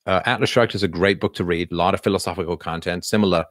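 A man's voice: deep voice, steady tone, fast, no room sound, clean studio sound. A man hosting a casual livestream, answering viewer questions while thinking aloud with many fillers.

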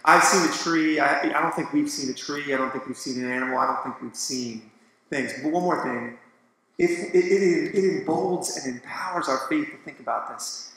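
An enthusiastic man speaks on a church panel in an earnest tone, his voice a little high. He sounds bright, with the long echo of a big hall around him. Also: moderate pace. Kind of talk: casual panel talk. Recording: echoey hall.

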